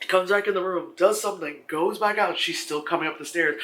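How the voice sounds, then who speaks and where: A man giving a casual, animated film review, often swearing and acting out characters' reactions in shrieking voices. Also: fast talker, hardly any pauses. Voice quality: bright, animated and expressive, swears freely. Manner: acts out characters in squealing high voices. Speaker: movie reviewer.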